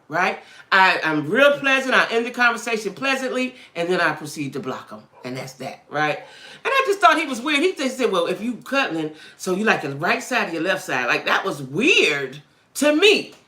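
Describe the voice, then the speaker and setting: A woman's voice: on the high side, sharp tone, echoey room. A woman hosting a live chat with her viewers about dating, blunt and streetwise, who keeps checking in with "right?" and "you know what I'm saying?". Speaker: livestream host chatting with viewers.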